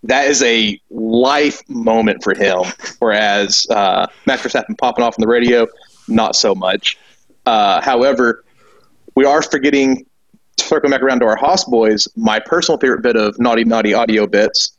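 A man's voice: mid-range voice, moderate pace, a bit bright, no room sound, muffled recording. A man chatting on a podcast panel in a dry, playful way. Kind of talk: casual chat.

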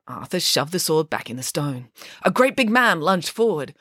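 Woman, expressive storybook reading, comic and lively, very animated pitch, dry close sound. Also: normal speed, husky, dry recording.

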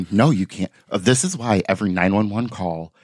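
A man's voice: lowish voice, normal speed, no room sound, clean studio sound. A man co-hosting a casual podcast, joking and swearing as he tells stories. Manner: joking, lively storytelling. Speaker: podcast co-host.

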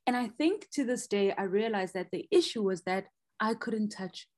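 A woman in her thirties, a podcast guest telling a personal story with lively re-enacted moments. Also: medium pitch, moderate pace. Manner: expressive, acts out quoted panic loudly.

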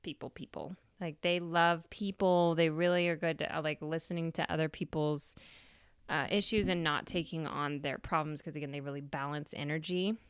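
A woman's voice: sits low, steady tone, normal speed, clear, resonant tone, no room sound, studio quality. A woman hosting a podcast, telling a story in a chatty, casual way with free swearing. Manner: chatty, swears freely, laughs. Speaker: podcast host.

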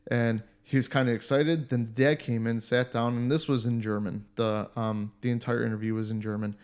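A man's voice: mid-range voice, darkish tone. A man in casual podcast chat, telling stories animatedly and swearing freely. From United States.

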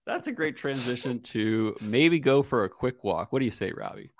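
A man's voice: medium pitch, lively intonation, normal speed, no room sound, studio quality. A man in his thirties co-hosting a podcast, chatting casually and joking with lots of fillers. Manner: laid-back, joking, many fillers. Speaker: podcast co-host. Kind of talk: casual chat.

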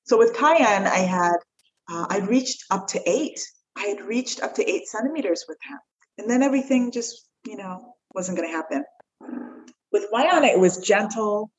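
Woman guest telling her story from the heart, kinda husky breathy voice, acts out what people said. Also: medium pitch, lively intonation, moderate pace, poor audio. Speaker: podcast guest. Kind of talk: personal storytelling in a podcast interview.

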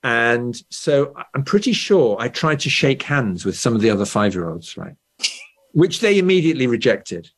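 A man's voice: mid-range voice, sing-song, normal speed. English man explaining with "right?" tags. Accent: standard Southern English. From England. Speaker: author and guest. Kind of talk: conversational interview.

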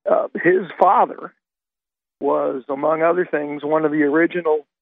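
A man's voice: on the high side, fairly even intonation, normal speed, no room sound. A man from Florida calling in to a radio show, laying out history point by point in a conspiratorial way. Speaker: caller. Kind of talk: phone-in caller commentary. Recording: tinny gravelly phone line.

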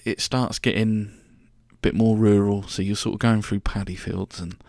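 Gravelly-voiced man telling travel stories. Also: fairly low pitch, level tone, moderate pace, a little mellow, dry recording, studio quality. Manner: chatty, rambling, sweary, full of restarts. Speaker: podcast host. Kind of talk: casual storytelling monologue.

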